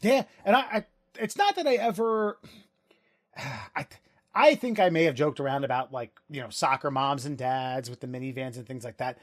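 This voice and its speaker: A man's voice: medium pitch, lively intonation, moderate pace, dry recording, studio quality. A middle-aged man co-hosting a casual podcast, rambling and laughing often as he talks. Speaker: podcast co-host.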